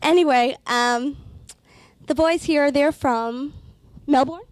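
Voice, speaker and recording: A woman's voice: high-pitched, takes it slowly, no echo. A woman interviewing a band in a playful, giggly way. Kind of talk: casual interview.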